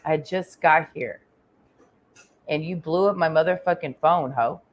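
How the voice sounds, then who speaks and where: A woman's voice: low-pitched, unhurried, highs cut off, a little hiss or hum. A woman from Texas ranting in a crude, confrontational vlog monologue, swearing constantly and rambling with trailing "and"s. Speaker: vlogger.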